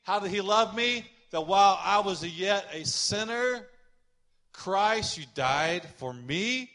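A man preaching with a high, bright voice that swells as he drives his points home. He calls on the congregation to repeat lines back and draws out key words for emphasis. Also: expressive. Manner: slows down to stress key words. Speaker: pastor. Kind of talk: sermon.

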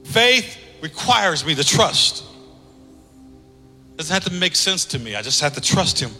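Male pastor, sermon; high-pitched, pushes hard then drops to a hush; long hall reverb. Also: very animated, unhurried, faint music behind. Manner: emphatic preaching that swings between loud and hushed.

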